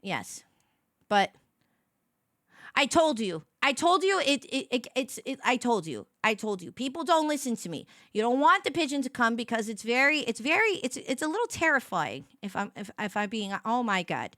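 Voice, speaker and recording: A woman rambling and giggling through a morning stream, her high, sparkly voice bouncing up and down as she talks to chat. The sound is dry and close-miked. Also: big pitch swings, moderate pace, a bit bright, no echo. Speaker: livestream host. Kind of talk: casual livestream chat.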